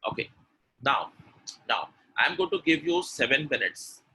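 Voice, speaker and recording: Speaking at a measured pace in a fairly high voice, a spoken English trainer with an Indian English accent runs a live pronunciation webinar. He's energetic, repeating words, drilling sounds aloud, and coaxing chat responses, though the poor audio has a little hiss or hum.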